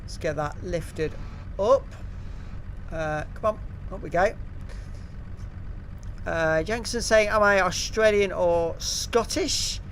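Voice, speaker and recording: Middle-aged English streamer, higher voice, relaxed chatter full of ums, faint vehicle noise. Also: male voice, takes it slowly, pauses often. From England. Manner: chatty, reads out viewer comments, frequent ums and uhs. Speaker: live-streaming gamer. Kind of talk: casual live-stream chat.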